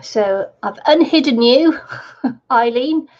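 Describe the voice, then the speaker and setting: A woman's voice: a little high, lively intonation, slow. A woman hosting a crafting livestream, chatting casually and laughing often as she reads viewer comments. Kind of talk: casual chat while crafting. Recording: dull lo-fi stream audio.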